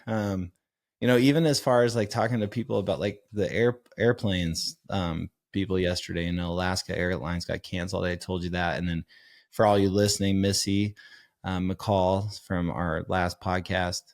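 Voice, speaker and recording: A man's voice: low voice, normal speed. A man in his forties co-hosting a podcast, chatting casually and telling rambling stories full of fillers. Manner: relaxed, rambling storyteller with many fillers. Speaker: podcast co-host. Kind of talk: casual chat.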